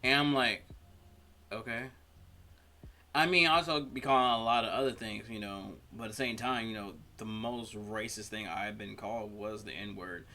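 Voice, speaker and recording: A man hosting a reaction video, talking through personal stories in a rambling, halting way with many fillers. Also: fairly low pitch, steady tone, sharp tone. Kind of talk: casual reaction commentary.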